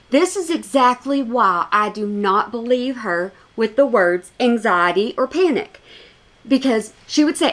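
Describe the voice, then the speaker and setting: A commentary YouTuber reacts to video clips in a high, expressive, slightly bright voice, taking her time. She's emphatic and scornful, repeating her points for stress.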